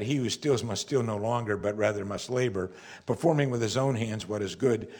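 A man preaching a sermon in a church, asking his listeners direct questions. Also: mid-range voice. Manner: animated, questions the congregation directly.

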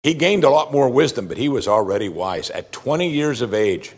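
A man preaching a sermon from the pulpit. He swings between loud, stressed declarations and quiet, confiding asides. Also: medium pitch, lively intonation, brisk, breathy edge. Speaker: pastor.

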